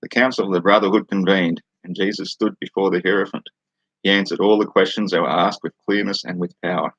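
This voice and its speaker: An Australian man hosting a livestream, chatting casually with a relaxed chuckle and reading passages aloud from a book. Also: low-pitched, dry recording, dull audio. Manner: laid-back, chuckling, unhurried. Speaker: livestream host. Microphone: studio microphone.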